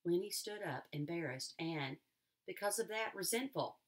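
A woman teacher reading a novel aloud to a class, expressive, with occasional restarts. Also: lowish voice, moderate pace.

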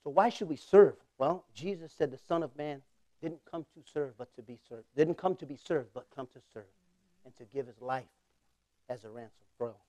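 This pastor, in his forties, speaks at a moderate pace in a mid-range voice while telling a humorous sermon story. He's conversational and often laughing, veering from loud bursts to soft asides, with no room sound in the recording.

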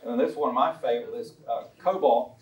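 Picked up by a distant mic with roomy, lo-fi sound, a man lectures on a historical collection with illustrations. His medium-pitched voice moves at a moderate pace, and his anecdotal, conversational delivery is full of ums and uhs.

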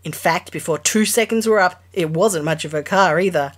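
A woman's voice: lowish voice, moderate pace. Female podcast co-host, casual and blunt, exasperated, swears freely. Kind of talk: casual chat.

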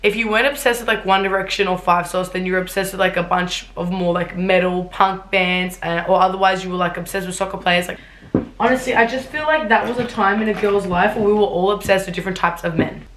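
Woman, twenties, sarcastic, swears a lot, mid-pitched, echoey room. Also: steady tone, fast talker, a bit bright, slight background noise. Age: 20s. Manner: blunt, sarcastic, swears freely. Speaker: YouTuber. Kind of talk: casual reaction vlog. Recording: roomy echo.

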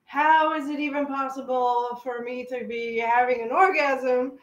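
A woman telling a personal story in a casual way, animated and exclaiming, with lots of "like". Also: high-pitched, a little slow, muffled recording. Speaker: co-host telling a shared story. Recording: echoey room.

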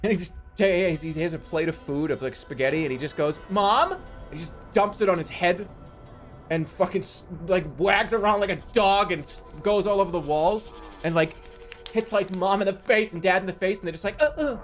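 A man casually commentating his own game live, excitable and joking, swearing freely. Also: sits high, a little fast, soft background music. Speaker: streamer playing a strategy game.

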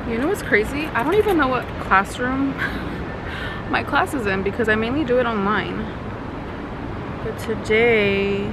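A woman's voice: a little high, gravelly, echoey room, very noisy. A woman in her twenties chatting casually to her viewers in a vlog, loose and slangy, swearing freely. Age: 20s. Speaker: vlogger. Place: at home and around a college campus. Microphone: handheld camera.

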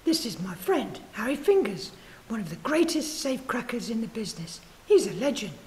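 A woman's voice: fairly high pitch, very animated, brisk, a little mellow. Cheeky young forger, read by a woman. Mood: breezy.

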